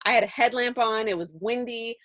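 A woman's voice: fairly high pitch, fairly even intonation, brisk, a bit bright, dry recording, clean studio sound. A woman co-hosting a podcast, chatting casually, rambling through stories and laughing often. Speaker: podcast co-host. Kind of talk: casual chat.

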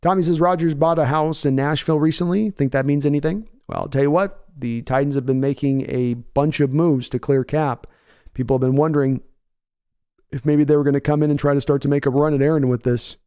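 A man's voice: on the high side, fairly even intonation, a little fast, dark tone, clear, resonant tone. A man hosting a live sports stream, chatting casually and answering viewers by name. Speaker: sports podcast host reading chat.

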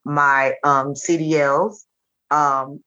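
Low, bright-voiced woman telling stories. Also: drawn-out words, highs cut off. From Nashville. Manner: animated storyteller who acts out quotes. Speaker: comedian and teacher, podcast guest. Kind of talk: casual interview chat.

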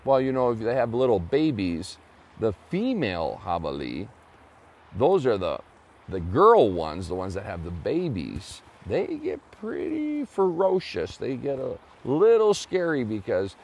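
A man's voice: mid-range voice, huge pitch swings, a little slow, a little mellow, breathy edge. A man telling a children's story in a folksy way, stopping to explain words.

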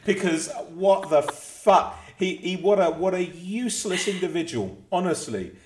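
Brief: English male podcast co-host, bright and lively, noisy recording. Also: high voice, unhurried, echoey room. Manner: laughing, swearing, teasing. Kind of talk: casual banter.

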